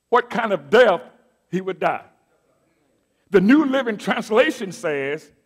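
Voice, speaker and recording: A middle-aged man preaching a sermon as pastor, moving from quiet asides to loud declaimed scripture and calling out to his congregation. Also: sits high. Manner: call-and-response preaching, swings from soft asides to loud declaiming. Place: church sanctuary.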